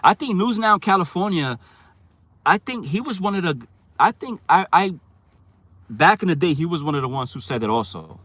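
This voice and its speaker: A man's voice: high voice, very animated, normal speed, a bit bright. A man talking casually to his live viewers, rambling, restarting words and checking in with "right?" again and again. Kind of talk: casual livestream chat.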